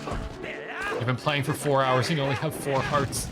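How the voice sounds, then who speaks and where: A man's voice: mid-range voice, steady tone, unhurried, loud music behind the voice, rough recording. A man streaming a video game, chatting casually and rambling with lots of filler words. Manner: rambling, heavy use of "like" fillers. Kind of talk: casual gameplay commentary.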